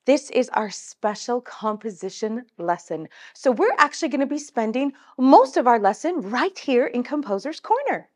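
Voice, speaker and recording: A woman's voice: on the high side, big pitch swings. A woman teaching a children's music lesson, upbeat and coaxing, leading call-and-response. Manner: upbeat, coaxing, slow and clearly articulated.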